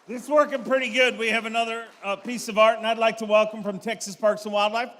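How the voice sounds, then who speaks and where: A man's voice: high voice, level tone, quick pace, a bit bright, long reverb tail, a faint crowd. A man emceeing an awards banquet, informal and upbeat.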